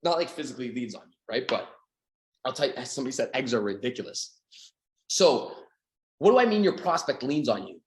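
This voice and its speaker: A man from Canada giving a motivational sales talk, energetic and acting out little scenes with his voice. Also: fast talker, reverberant. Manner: energetic, acts out quoted dialogue with big pitch swings. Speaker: sales coach.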